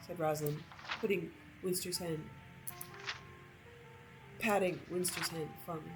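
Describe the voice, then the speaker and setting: A woman narrating a story over gameplay in an expressive reading voice. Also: low voice, normal speed, soft background music, low-quality recording.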